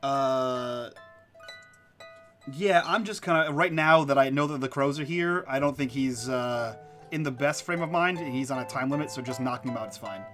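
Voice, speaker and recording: A man's voice: medium pitch, normal speed, fairly bright tone, soft background music. A man playing a tabletop role-playing game, chatting loosely and explaining the rules. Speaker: player. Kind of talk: casual tabletop game chat.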